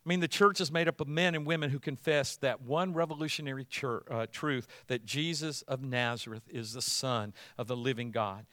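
Bright-voiced male pastor preaching. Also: mid-range voice, normal speed, hardly any pauses, dry recording. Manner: conversational, builds to loud emphatic preaching. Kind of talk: sermon.

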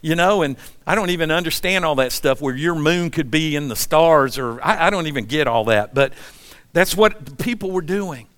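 A man in his sixties preaching a sermon in a relaxed, conversational storytelling way, often asking the congregation questions. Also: fairly high pitch, normal speed. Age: 60s. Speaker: pastor.

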